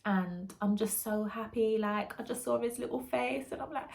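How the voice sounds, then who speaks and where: A young woman telling her birth story, soft, halting and often hushed. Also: fairly high pitch, vocal fry. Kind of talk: emotional personal storytelling.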